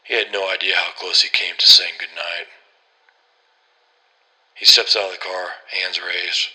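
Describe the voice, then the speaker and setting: A man's voice: low-pitched, fairly even intonation, a little slow, pushed and bright, rough recording. A man narrating a horror story in a grim, terse first-person voice.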